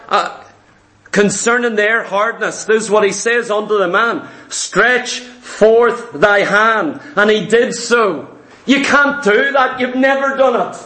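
High-voiced emphatic male preacher, echoey. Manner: emphatic, repetitive preaching, rising to shouts. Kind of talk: sermon. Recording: echoey room.

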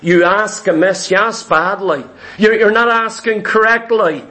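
A man's voice: sits high, fairly even intonation, unhurried, bright, forceful tone. A man preaching a sermon as pastor to his congregation in a church room, repeating phrases and firing rhetorical questions.

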